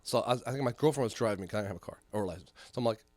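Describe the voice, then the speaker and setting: A man's voice: on the low side, racing, dry recording. A man telling a long story in casual chat as a podcast co-host, swearing often and acting out the voices of the people in it. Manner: animated storyteller, heavy swearing, acts out voices.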